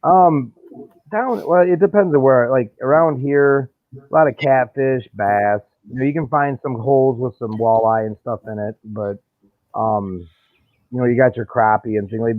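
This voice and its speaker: A man's voice: medium pitch, dry recording. Folksy man on a tinny line. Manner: folksy, drawn-out anecdotes with laughs. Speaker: live-stream chat participant. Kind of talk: casual storytelling chat. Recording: dry, tinny phone-like line.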